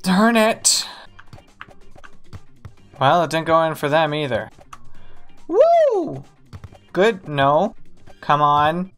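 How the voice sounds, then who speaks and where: A man hosting a let's-play, commenting on a basketball game with excitable, playful mock outrage at the other team. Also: on the high side, unhurried, clear, resonant tone, soft background music. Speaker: gaming channel host.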